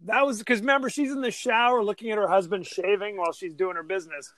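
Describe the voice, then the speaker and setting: A man's voice: high voice, fast talker, no room sound. A man co-hosting a podcast, chatting in a jokey, rambling way about a film. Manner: animated, jokey, rambling with restarts. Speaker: podcast co-host. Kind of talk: casual film discussion chat.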